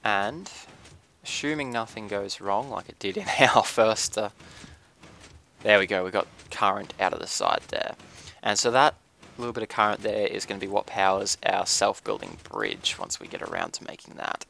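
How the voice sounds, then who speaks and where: Gravelly-voiced man narrating a build. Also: lowish voice, moderate pace, a little hiss or hum. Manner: relaxed, thinking aloud with frequent ums. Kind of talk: casual gameplay commentary.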